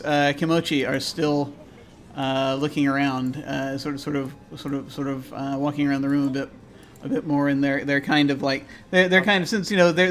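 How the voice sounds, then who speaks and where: A man narrating a tabletop game as game master over a video call, halting and full of fillers and restarts. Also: a little high, a bit bright.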